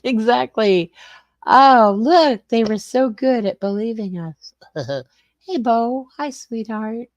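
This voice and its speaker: A woman's voice: on the high side, slow pace, dry recording. An older woman hosting a casual livestream from her small garage suite, greeting viewers by name and rambling through the chat. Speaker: livestream host.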